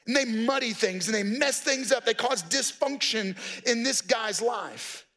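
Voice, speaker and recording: A man's voice: very high-pitched, a little slow, bright, forceful tone. A man, a pastor, preaching a conversational sermon with folksy asides and direct appeals to the congregation.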